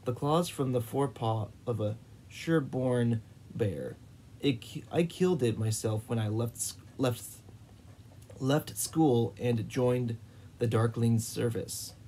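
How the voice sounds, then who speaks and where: A man's voice: mid-range voice, slow pace, dark tone, slight background noise, natural voice. A man reading the lines of a proud, impatient young soldier in a storybook. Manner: brusque, impatient.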